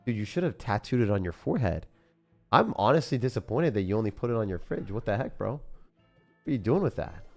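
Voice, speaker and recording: A man's voice: on the low side, sing-song, quick pace, a little mellow, soft background music. A young man streaming a mobile game, chatting casually and laid-back with viewers, saying dude and bro and laughing often. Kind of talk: casual live-stream chat.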